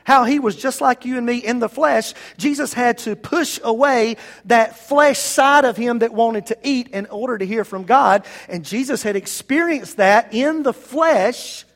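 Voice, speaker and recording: High-voiced man preaching a sermon. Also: measured pace, hardly any pauses, fairly bright tone. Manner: conversational, emphatic preaching with direct appeals to the congregation. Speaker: pastor.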